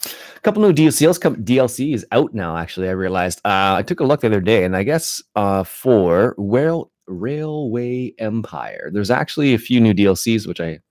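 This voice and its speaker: A man hosting a casual live-stream chat, rambling and relaxed, with frequent restarts and fillers. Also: fairly low pitch, moderate pace, no echo, clean studio sound. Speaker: gaming channel host.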